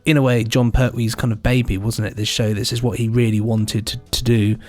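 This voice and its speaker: A man's voice: medium pitch, little pitch movement, fairly quick, darkish tone. An English man co-hosting a podcast, chatting enthusiastically and laughing often. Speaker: podcast co-host. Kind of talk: casual chat.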